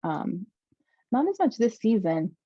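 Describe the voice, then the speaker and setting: A woman guest in casual conversation, relaxed and self-deprecating, laughing between phrases. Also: medium pitch, a little slow, breathy edge, dry recording. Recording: dry, dull lo-fi mic.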